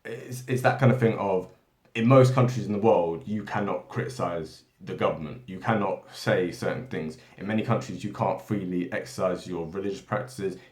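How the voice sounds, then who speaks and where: A man from Britain talks through a loose, unscripted monologue, tacking "right?" and "yeah?" onto his points and stumbling over repeated words as he goes. His voice sits on the low side. The room around him rings with a noticeable echo. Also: moderate pace, a little mellow. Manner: rambling, many tag questions and restarts. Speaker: political commentary channel host. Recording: echoey room.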